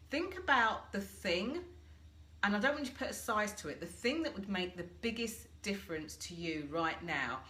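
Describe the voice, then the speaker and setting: Lively British woman coaching live, roomy sound. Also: lowish voice. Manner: chatty, asks listeners reflective questions and greets viewers. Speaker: coach hosting a live group session. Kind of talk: live-stream coaching talk. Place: home, washing machine running nearby. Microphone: laptop or phone camera for a live stream. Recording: roomy home live stream, washing machine hum.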